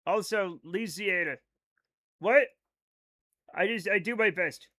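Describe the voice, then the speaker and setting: A man's voice: sits high, a little slow, bright, forceful tone. An American man in his thirties streaming a game live, joking casually and reading chat aloud. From United States. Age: 30s. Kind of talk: casual chat while gaming.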